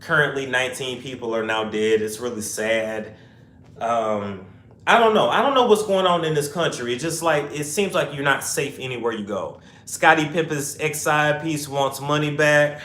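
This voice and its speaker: A man's voice: mid-range voice, moderate pace, fairly bright tone. A young man hosting a casual livestream chat, reading viewer comments aloud and answering in rambling asides. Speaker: host. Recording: echoey room.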